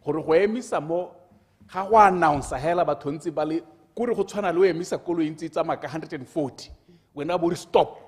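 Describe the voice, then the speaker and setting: A man's voice: fairly high pitch, quick pace, in a large hall. A man, a member of parliament, pressing questions in a debate and mixing in English terms. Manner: pressing, mixes local language with English terms. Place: parliament chamber.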